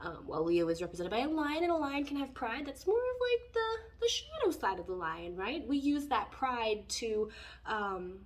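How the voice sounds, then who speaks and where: A woman reads tarot casually and rambles as she goes, leaning on fillers. Her voice sits a little high for a woman. It is picked up from a distant mic. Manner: rambling, filler-heavy, conversational. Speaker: tarot reader.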